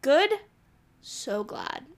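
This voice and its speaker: A young woman from Alberta, co-host of a podcast, chatting in a bubbly way and laughing often. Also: very slow. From Alberta, Canada. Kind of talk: casual chat.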